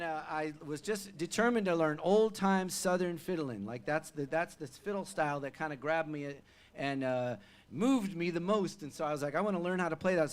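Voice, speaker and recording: Lively man telling a story on stage. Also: a little high, clean tone. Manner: animated, chatty, frequent fillers and restarts. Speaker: folk singer-songwriter. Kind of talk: live stage storytelling between songs. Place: live music venue.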